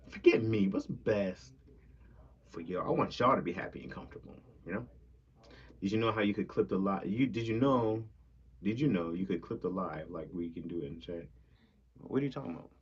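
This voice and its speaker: This is a low-pitched male voice with a breathy edge, captured in a muffled recording. He runs a casual livestream, laughing frequently as he reads chat to viewers via a tablet mic with earbuds.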